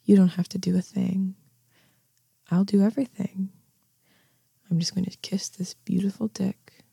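A young woman in a whispered role-play, voicing a bossy, self-assured neighbor who talks in a slow, coaxing, commanding way with a breathy, half-whispered sound. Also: mid-range voice, level tone, dark tone, no room sound. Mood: teasing.

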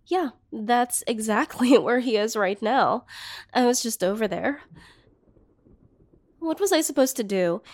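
A young woman performing an audio role-play monologue to the listener, hurt and bitter, swinging between angry outbursts and soft whispers. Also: a little high, lively intonation, a little slow, long pauses, no room sound.

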